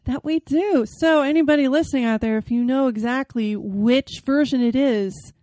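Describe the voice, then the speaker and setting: A woman hosting a podcast, chatting casually and reading a novel passage aloud with animated expression. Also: high voice, moderate pace, dry recording. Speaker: podcast host. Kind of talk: casual chat and dramatic reading.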